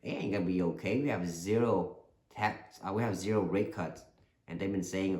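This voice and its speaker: A man hosting his own channel, talking earnestly in a casual, animated commentary monologue that often repeats itself. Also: deep voice, normal speed, reverberant. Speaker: channel host.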